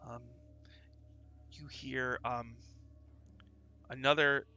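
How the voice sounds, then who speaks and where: A man running a tabletop game as game master, narrating in a loose, halting way with many fillers. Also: mid-range voice, steady tone, pushed and bright, muffled recording.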